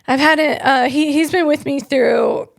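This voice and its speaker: A middle-aged woman talks alone into a close microphone, drifting between tech news and personal stories with a self-deprecating edge. Her voice sits a touch high and her pace is slow and unhurried. The sound is dry, with no room echo. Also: vocal fry. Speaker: tech comedy podcast host. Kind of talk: casual solo podcast chat.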